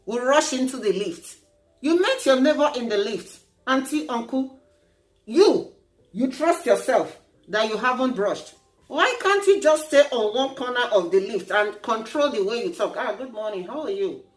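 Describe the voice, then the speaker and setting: A woman's voice: on the high side, animated, measured pace, roomy sound, soft background music. A Nigerian woman vlogging in a playful, teasing and preachy tone, joking as she lectures her viewers. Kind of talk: casual humorous vlog.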